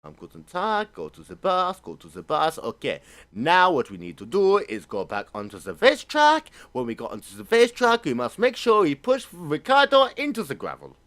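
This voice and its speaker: A man doing a put-on German-accented racing driver, loud, stiff and over-precise. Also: sits high, huge pitch swings, normal speed, pitched above the performer's own voice, heavily acted. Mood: mock serious. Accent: mock German.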